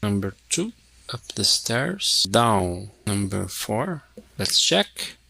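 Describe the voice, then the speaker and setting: A man's voice: fairly low pitch, sing-song, slow, creaky, pushed and bright, breathy edge, dry recording. A man teaching English, thinking aloud and repeating words as he works through exercises. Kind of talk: casual classroom walkthrough.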